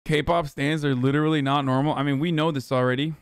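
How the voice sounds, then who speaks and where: A man's voice: fairly high pitch, steady tone, quick pace, clear, resonant tone, no echo, studio quality. A man hosting a live stream, reacting to clips in a casual, profane and exasperated way. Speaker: streamer host.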